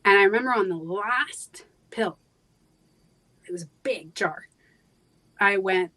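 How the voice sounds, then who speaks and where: A woman guest in a live interview, telling a personal story in a halting way, with many fillers and restarts, going soft on painful moments. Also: mid-range voice, poor audio.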